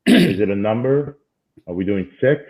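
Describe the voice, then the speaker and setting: A man's voice: fairly low pitch, very animated, moderate pace, darkish tone, breathy edge, no echo, poor audio. Puzzled man asking questions. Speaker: sketch participant. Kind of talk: comedy sketch.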